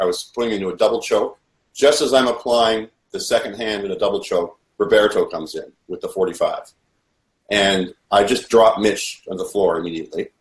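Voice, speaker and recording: A man telling his own story in an earnest, halting way with many restarts, in a roomy echo. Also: on the low side. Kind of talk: first-person testimony.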